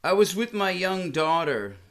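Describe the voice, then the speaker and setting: A middle-aged man telling a comic story in a deadpan, mock-solemn, formal way. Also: high-pitched, measured pace. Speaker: comedian.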